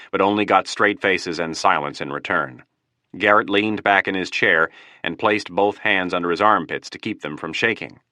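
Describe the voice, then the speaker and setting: A male audiobook narrator with a deep voice and a bright, crisp edge. He reads steadily and evenly. The recording is dry and close, with no room sound. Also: no room sound. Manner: steady, measured storytelling.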